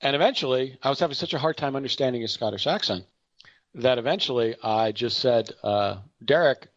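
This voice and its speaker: A man's voice: medium pitch, brisk, fairly bright tone, no echo, muffled recording. A middle-aged man giving an unscripted market commentary, rambling and correcting himself with chatty asides and anecdotes.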